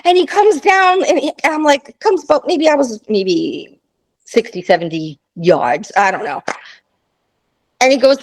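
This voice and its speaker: A woman in her fifties with a fairly high voice tells a travel story to a friend in a casual interview. She is animated and laughs often, and she jumps into the voices of the people in her story. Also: normal speed, poor audio. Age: 50s. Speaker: guest.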